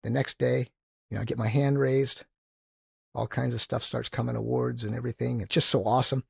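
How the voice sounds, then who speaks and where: Gravelly, husky older man telling stories. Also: medium pitch, a little fast, no room sound, clean studio sound. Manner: animated, enthusiastic storyteller, acting out quotes. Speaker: guest. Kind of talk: casual storytelling interview.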